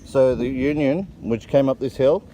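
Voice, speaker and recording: An excited man talks while walking a hillside outdoors, his voice picked up by a handheld camera mic. He retells the scene loosely and with relish. His pitch sits in an average middle range. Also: normal speed, a little hiss or hum. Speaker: vlogger filming the tour. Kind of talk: casual walking tour commentary.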